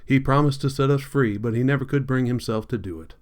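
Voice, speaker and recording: A man's voice: medium pitch, fast talker, natural voice. A man voicing a sorrowful old woman from a storybook. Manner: soft moaning dialect speech. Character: old enslaved woman, sorrowful, weary, confused.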